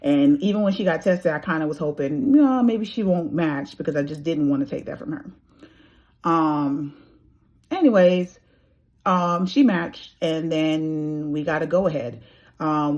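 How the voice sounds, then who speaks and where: A woman in her thirties telling her own story casually, acting out the voices of people she quotes. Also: low voice. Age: 30s. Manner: animated, acts out quoted dialogue.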